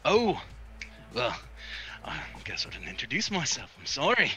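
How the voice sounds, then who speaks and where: A brash, friendly Australian giant in a bowler and monocle, played by a man at the table. He talks in a lively, bright, springy voice full of "mate". The put-on accent is broad and cheerful. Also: mid-range voice, unhurried, soft background music, heavily acted. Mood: chummy. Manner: jaunty, chummy, sprinkled with "mate".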